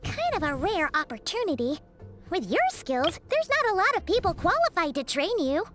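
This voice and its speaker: A woman voicing a tiny, excitable female companion sprite in a video game, chatty and childlike. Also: very high-pitched, normal speed, soft background music, heavily acted. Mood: chirpy. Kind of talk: game voice acting.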